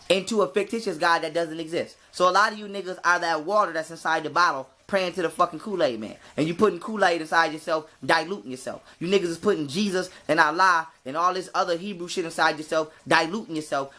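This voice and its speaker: A man with speech preaches a spiritual monologue to his viewers. His voice is bright and forceful, and he drives his points home with swearing and repeated stock phrases. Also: high-pitched. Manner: emphatic, profane, repetitive "so with that being said". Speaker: spiritual video host.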